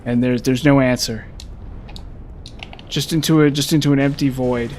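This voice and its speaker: A young man streaming a game and talking to his viewers at a middle pitch. He mocks his own mistakes and slips into loud, exasperated complaints. A faint hum sits underneath the voice. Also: steady tone, normal speed. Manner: frustrated, self-mocking, breaks into loud exasperated outbursts. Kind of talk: live gameplay commentary chatting with viewers.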